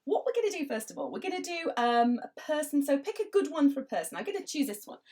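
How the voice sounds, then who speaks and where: A middle-aged illustrator leads a children's drawing lesson, chatting playfully and laughing often. Her high, sing-song voice has a darkish tone and moves at a quick pace.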